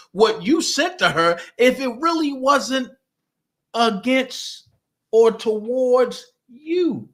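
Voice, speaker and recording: High, animated man taunting a rival. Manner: animated, taunting, reading legal text aloud. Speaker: political commentary host. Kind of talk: casual commentary monologue.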